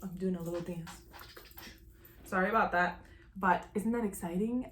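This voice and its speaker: A woman's voice: on the low side, normal speed, pauses often. Chatty woman sewing in an echoey room. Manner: bubbly, self-teasing and talkative while sewing. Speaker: sewing tutorial host. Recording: roomy echo, faint machine noise.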